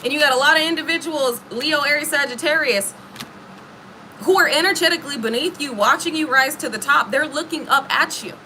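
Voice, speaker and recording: A woman's voice: high-pitched, brisk, pushed and bright, slight background noise, rough recording. A woman giving an emphatic, slangy tarot reading directly to her viewers. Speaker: tarot reader.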